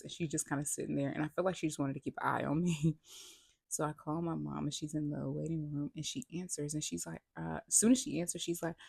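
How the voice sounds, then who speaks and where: A woman speaks with heavy vocal fry and a husky, breathy edge, her pitch staying fairly flat. She is casually retelling a personal story for a vlog, acting out what she and others said and restarting her sentences as she goes. The sound is close and dry. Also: no echo. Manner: retells events with many "I'm like" quotes; chatty, restarts sentences mid-thought. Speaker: vlogger.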